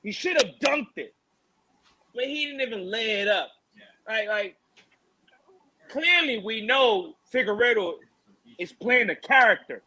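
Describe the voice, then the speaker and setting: A man co-hosting a fight preview show, ranting in an animated, mocking and exasperated way. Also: high-pitched, measured pace, pauses often, poor audio. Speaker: MMA show co-host.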